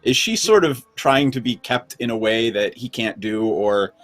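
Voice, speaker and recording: A man's voice: mid-range voice, expressive, normal speed, a bit bright, faint music behind. A man playing a tabletop game, asking questions and talking them through. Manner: curious, talks questions through at length. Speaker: player. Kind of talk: casual chat at a tabletop game.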